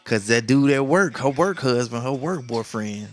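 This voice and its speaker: A man's voice: medium pitch, expressive, moderate pace, faint music behind. A middle-aged man hosts a casual monologue, joking, laughing often and acting out the lines he quotes. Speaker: podcast host.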